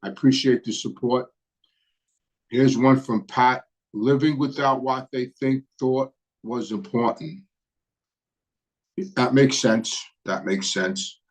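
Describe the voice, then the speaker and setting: A middle-aged man with a Brooklyn accent, hosting a casual live stream and answering viewer questions in a relaxed, rambling way with many hesitant fillers. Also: mid-range voice. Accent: Brooklyn New York. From New York. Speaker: host.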